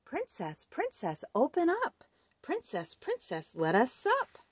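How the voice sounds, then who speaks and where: A woman voicing a small, ugly, persistent male frog in a children's storybook read-aloud, in a high wheedling voice. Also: huge pitch swings, slow pace, husky, dry recording, heavily acted. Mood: pleading.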